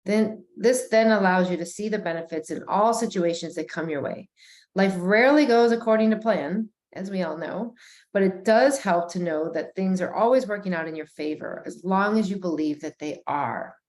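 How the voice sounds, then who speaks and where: A woman guiding a breathwork session, talking slowly and gently, pausing and restarting as she goes. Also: medium pitch. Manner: slow, gentle and soothing, with pauses and restarts. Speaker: breathwork guide.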